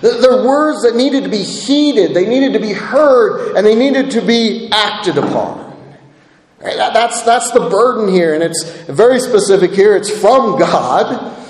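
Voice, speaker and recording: A man's voice: high voice, animated, a little slow. A pastor giving a sermon, earnest and restating his points for emphasis. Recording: echoey hall with long reverb.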